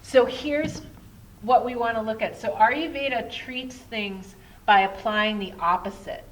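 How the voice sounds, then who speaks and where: A woman's voice: fairly high pitch, measured pace, a little hiss or hum, rough recording. A woman teaching a casual Ayurveda class at a yoga studio. She talks in a chatty way, keeps asking "right?" and laughs at herself.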